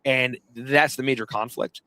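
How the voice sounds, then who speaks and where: Man, mid pitch, dry close sound, earnest designer rambling with fillers. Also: steady tone, moderate pace, sharp tone, no echo. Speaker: game designer. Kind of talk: casual chat.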